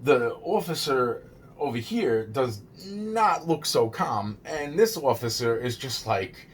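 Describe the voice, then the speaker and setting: A man in the middle of recounting a true story, voice at an ordinary middle pitch with a faint ambient hum behind him. He stumbles over restarts and repeated words and swears constantly. He sounds shaken, as if he can barely believe it himself. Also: lively intonation. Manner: rambling and halting, many restarts and repeated words; shaken disbelief at his own story. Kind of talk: casual first-person true-story retelling.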